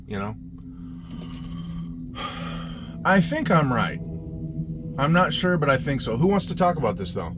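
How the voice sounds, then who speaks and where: A man's voice: on the high side, big pitch swings, measured pace, long pauses, noisy background. A man, a combat veteran, ranting with heat and heavy profanity, often breaking off and restarting his sentences. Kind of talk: angry political rant.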